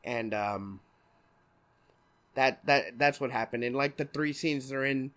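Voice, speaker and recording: A man's voice: medium pitch, a little slow, a bit bright. A young man hosting a podcast in casual chat, rambling with lots of swearing and laughter. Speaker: podcast host.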